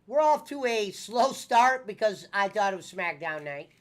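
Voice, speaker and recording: A man with a high voice hosts a loose podcast chat, needling his co-host with blunt, profane questions. He talks casually into a studio mic. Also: very animated, normal speed. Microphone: studio microphone.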